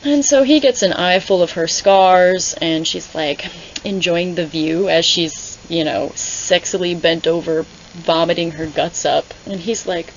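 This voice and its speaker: A woman's voice: lowish voice, measured pace, a little hiss or hum. A woman giving casual, sarcastic, exasperated commentary as she reads along, rambling into asides. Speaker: booktuber reading along. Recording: slightly dull lo-fi audio.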